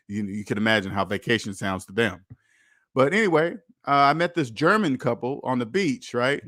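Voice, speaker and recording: A man's voice: a little high, fairly bright tone, no echo, clean studio sound. An American man in his forties hosting a casual livestream about finances, telling stories in a rambling way full of restarts. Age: 40s. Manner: rambling storytelling with many restarts. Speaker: host of a debt-free finance livestream.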